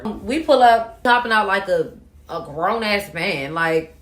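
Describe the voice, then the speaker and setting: A woman's voice: mid-range voice, normal speed, reverberant. A woman telling a personal story in a casual monologue, swearing freely and acting out what people said. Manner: animated, profane, acts out quotes. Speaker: storytime host.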